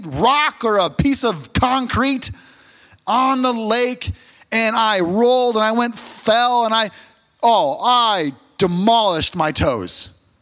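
Man, pastor, sermon, high voice, storytelling, emphatic. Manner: storytelling, rising to loud emphatic exhortation.

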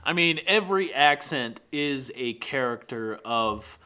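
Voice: medium pitch, expressive, a little slow, pushed and bright, clean tone. A podcast co-host making dry, wry remarks in a casual chat.

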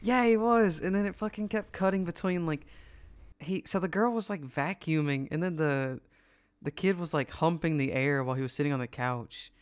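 A young man in loose podcast banter, telling rambling stories full of "like." His voice sits a little high for a man. He laughs often and chatters on easily. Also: normal speed, clear, resonant tone. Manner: rambling storytelling, lots of "like", bursts of laughter. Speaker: podcast co-host. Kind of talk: casual crude chat.

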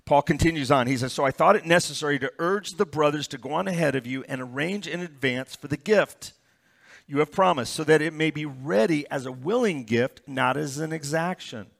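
Man preaching a sermon, slightly high voice. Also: a little fast, vocal fry, fairly bright tone. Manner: reads scripture aloud, then explains it with stories and asides. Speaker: pastor.

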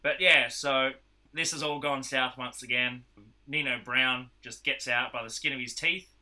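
Bright-voiced man telling a story. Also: mid-range voice, moderate pace. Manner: animated retelling with acted-out quotes. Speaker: podcast host recapping a film. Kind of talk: casual storytelling chat.

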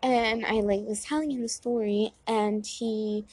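A woman's voice: a little high, steady tone, unhurried, darkish tone, no echo, rough recording. A woman in her twenties giving dating advice in a rambling, chatty way, full of fillers and asides, talking outdoors near a road. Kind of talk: casual chat.

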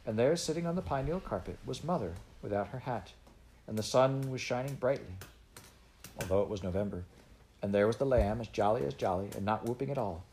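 A man reading a children's novel aloud in an unhurried, gently expressive way. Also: mid-range voice, a little hiss or hum. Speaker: audiobook reader.

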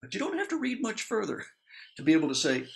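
A man's voice: high voice, quick pace, gravelly. A man teaching through a Bible passage in a conversational way, with asides, laughs and acted-out quotes. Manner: animated, acts out quotes.

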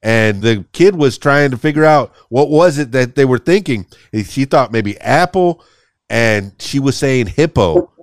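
A man's voice: medium pitch, animated, measured pace, no echo, clean studio sound. A man hosting a podcast interview, asking long, rambling questions full of anecdotes. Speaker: podcast host. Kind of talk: casual interview chat.

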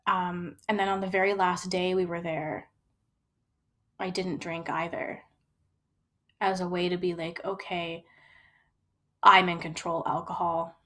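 A woman's voice: on the low side, flat delivery, unhurried, pauses often. A young woman telling her own story in a candid, reflective way, with frequent fillers and restarts. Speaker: storyteller sharing personal experience.

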